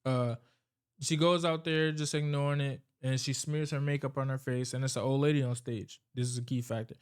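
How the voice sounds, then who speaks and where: A man's voice: mid-range voice, steady tone, brisk, clear, resonant tone. Rambling, cussing man recapping a movie. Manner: rambling, profane, loose storytelling.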